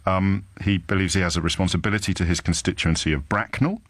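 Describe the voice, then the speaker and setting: A man hosting a live radio talk show, speaking emphatically and sardonically with deliberate pauses, with a trace of a Kidderminster accent. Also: low-pitched, fairly even intonation, no echo. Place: radio studio. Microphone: studio microphone.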